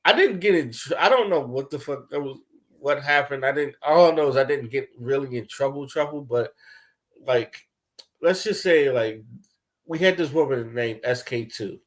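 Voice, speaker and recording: A young man ranting casually, telling loose, profane stories with lots of laughter and swings between loud bursts and low mumbles. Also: expressive, normal speed. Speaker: commentator. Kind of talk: casual rant.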